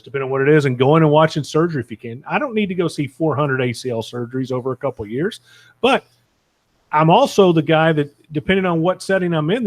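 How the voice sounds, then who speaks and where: A man's voice: on the high side, no echo. Frank, opinionated male co-host, dry sound. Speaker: podcast co-host, sports medicine clinician. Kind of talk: casual panel discussion.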